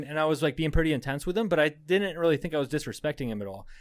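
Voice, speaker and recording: Swearing, laughing storyteller, higher voice. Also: male voice, racing, few pauses, no echo. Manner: rambling storytelling, heavy swearing, frequent laughter. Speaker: podcast co-host. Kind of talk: casual chat.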